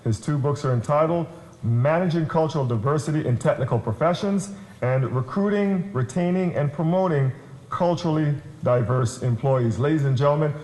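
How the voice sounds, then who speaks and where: A man's voice: fairly high pitch, normal speed, a little mellow. Joking male emcee in a roomy hall. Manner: joking, teasing the audience. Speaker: conference emcee. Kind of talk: introducing a keynote speaker. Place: conference hall.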